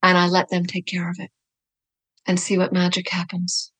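Animated middle-aged woman telling stories. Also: lowish voice, moderate pace, slightly rough. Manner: animated storyteller, laughs often, loose and chatty. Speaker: guest, writer and educator. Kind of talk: conversational interview.

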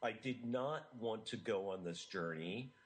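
A man's voice: lowish voice, measured pace, poor audio. A middle-aged man, an interview guest, telling a personal story in an earnest, emotional way with frequent laughs.

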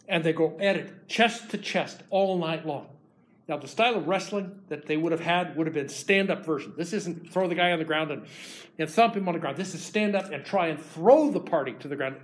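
A man's voice: fairly high pitch, rough recording. Man retelling scripture as a sermon. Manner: retells scripture casually, acting out voices with restarts. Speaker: preacher. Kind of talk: sermon storytelling.

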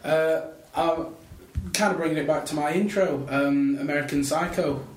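A man's voice: on the high side, fairly even intonation, moderate pace, distant mic. A young man on a comedy film panel, speaking casually and hesitantly. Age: young adult. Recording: echoey room with noise.

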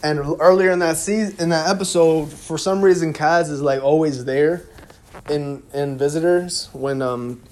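Animated, profane young man recapping. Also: fairly high pitch, normal speed. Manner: animated, slangy, profane storytelling; fills gaps with "da, da, da". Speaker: TV recap vlogger. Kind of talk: casual episode recap.

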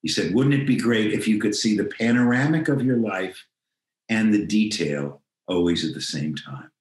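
Older male guest, lowish voice, reflective storyteller, roomy video-call sound. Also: moderate pace. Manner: reflective, acts out quoted dialogue. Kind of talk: telling a personal story in an interview.

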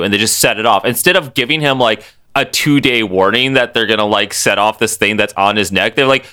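A man's voice: animated, brisk, few pauses, bright, forceful tone, clear, resonant tone. A man co-hosting a podcast, joking crudely while retelling a cartoon episode and acting out its characters. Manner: joking, crude, acts out characters in shrill voices. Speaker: podcast co-host. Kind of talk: casual recap chat.

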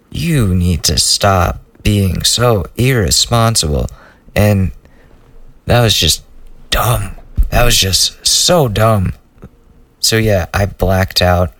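A man's voice: fairly low pitch, no echo, distant mic. A young man hosting a solo podcast, rambling loosely through a profane personal story in a casual way. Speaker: podcast host.

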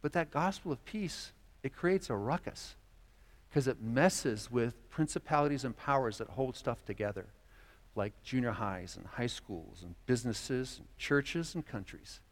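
A man's voice: medium pitch, expressive, a little slow. A man preaching a sermon as pastor, earnest, voicing quoted dialogue as he speaks. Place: church sanctuary. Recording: long church reverb.

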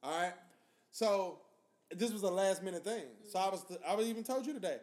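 A man's voice: high-pitched, brisk, a little mellow. A man hosting a podcast, telling loose, profane stories in casual chat. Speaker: podcast host.

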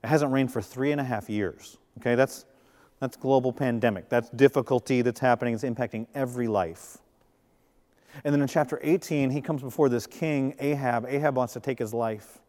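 A man's voice: medium pitch, moderate pace, a little mellow. A male pastor giving a sermon in a conversational way, with jokes and acted-out quotes. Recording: long reverb of a large hall.

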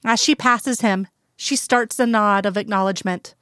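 A woman reads a fanfiction story aloud in an even, unhurried storytelling voice. Her tone is smooth and resonant, recorded dry and close with no room around it. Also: mid-range voice, no room sound. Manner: calm storytelling, plain voices for quoted characters. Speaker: fanfiction reader. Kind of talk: scripted narration.

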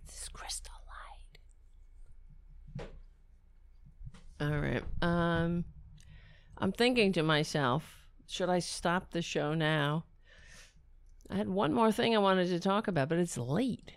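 A woman's voice: fairly low pitch, slow pace, pauses often, smooth, dry recording. A woman hosting a late-night livestream, rambling, swearing and often laughing at her own jokes. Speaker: livestream host.

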